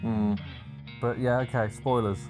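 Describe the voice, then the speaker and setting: A man's voice: medium pitch, unhurried, faint music behind. A man co-hosting a podcast, retelling film scenes in a casual chat, with plenty of fillers and hesitations. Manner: animated storyteller, hesitant with fillers. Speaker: podcast co-host.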